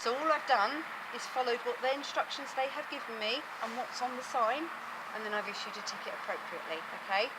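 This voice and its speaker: A woman explains parking rules in a firm, patient way, often checking "okay?" with her listener. Her voice is fairly high, and she was caught on a phone outdoors with loud surrounding noise. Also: fast talker. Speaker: parking enforcement officer. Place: outdoors by a residential car park. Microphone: phone camera held by the person filming.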